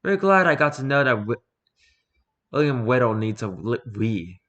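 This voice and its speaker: A man's voice: mid-range voice, very animated, normal speed, fairly bright tone, dull audio. A man doing a sarcastic tough woman soldier. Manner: dry and sarcastic.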